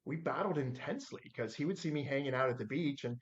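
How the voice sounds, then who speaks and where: A man in his forties telling stories as a podcast guest, acting out the quotes with lively shifts in voice. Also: mid-range voice, quick pace, dull audio. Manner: animated storyteller acting out his own quotes. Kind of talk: storytelling in a podcast interview.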